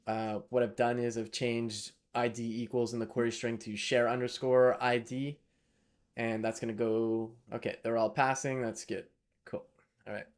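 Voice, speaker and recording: A man talks his way through code on a live stream, unhurried and with a gravelly edge to his voice. He thinks aloud, narrates each small step, and turns now and then to chat with viewers. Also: mid-range voice. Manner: thinks aloud while coding, chats with viewers. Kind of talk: casual live-coding stream talk.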